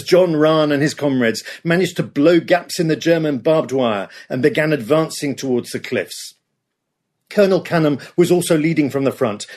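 A man narrating a scripted history podcast with dramatic storytelling. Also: a little high.

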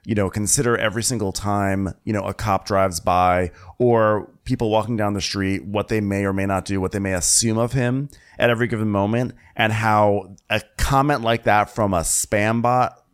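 Brief: male co-host, lowish voice, earnest and halting. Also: fairly even intonation, smooth. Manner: earnest, halting, many fillers when serious. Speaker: podcast co-host. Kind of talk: comedic recap chat.

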